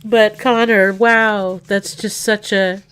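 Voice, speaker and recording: Middle-aged woman crying on her livestream, rambly, lots of restarts, medium pitch. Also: little pitch movement, slow, fairly bright tone, clean tone. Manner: tearful, rambling, full of restarts and laughs. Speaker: livestream host. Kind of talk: emotional casual chat to a live audience.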